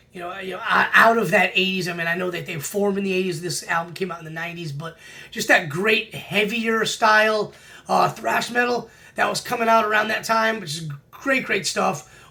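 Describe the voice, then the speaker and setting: Gravelly, bright-toned man chatting about records. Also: high-pitched. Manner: enthusiastic, many fillers and restarts. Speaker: record collector vlogger. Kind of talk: casual vinyl review chat.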